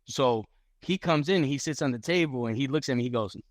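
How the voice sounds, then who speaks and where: A man on a podcast as a guest fighter, telling a story in casual chat, animated and profane, acting out what others said. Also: medium pitch, fairly quick, dry recording, studio quality. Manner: animated, profane, acts out quotes.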